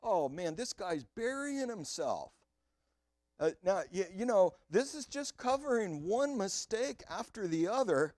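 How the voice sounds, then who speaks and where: A male pastor with a high-pitched voice delivers an animated sermon straight to his congregation. His voice rises and falls a great deal as he takes his time with each phrase at a measured pace. The recording is dry, with little room sound.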